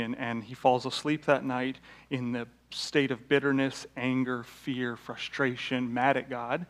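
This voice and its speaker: A pastor delivers a sermon built around illustrative stories, speaking conversationally with fillers and restarts. His mid-range voice is level and unhurried, with few pauses.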